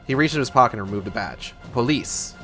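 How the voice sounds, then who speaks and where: A man reading a novel aloud on a livestream, casual and pausing to correct his own misreads. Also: fairly low pitch, lively intonation, fairly bright tone, soft background music. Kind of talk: book club reading on a livestream.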